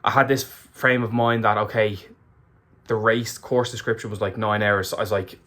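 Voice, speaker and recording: A man's voice: lowish voice, flat delivery, fairly quick, bright, forceful tone. An Irish man recapping a race to camera in a candid, emotional way, swearing freely. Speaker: ultramarathon runner vlogger.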